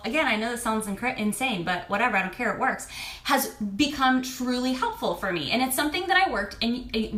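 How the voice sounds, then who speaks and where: A woman in her thirties talks candidly and expressively to camera as a fertility coach, swearing a little as she goes. Her voice sits high and sounds bright and clear. The room around her rings with echo. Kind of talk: casual talk to camera.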